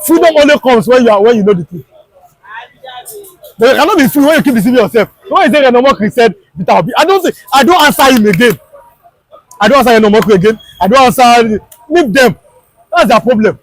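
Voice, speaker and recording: A Nigerian man with a Yoruba accent delivers impassioned political commentary. His voice sits very high and he hammers points home with emphatic repetition and a preachy tone. The sound is dry and close. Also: expressive, fast talker, no room sound, low-quality recording. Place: outdoors on a Lagos street.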